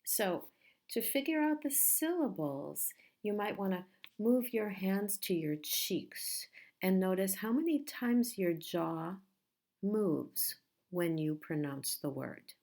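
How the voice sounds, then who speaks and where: A woman teaching a pronunciation lesson, speaking slowly and patiently and repeating each word carefully. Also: medium pitch, expressive, a little mellow.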